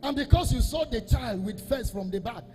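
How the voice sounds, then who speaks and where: A man, a Catholic priest, preaching an emphatic sermon that repeats phrases and swells into half-sung, shouted lines. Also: extremely high pitch, animated, moderate pace, in a large hall, faint music behind.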